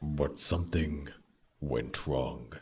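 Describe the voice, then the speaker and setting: Guy doing a grim game narrator, super deep and really slow, clip played back from a distance. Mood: grave.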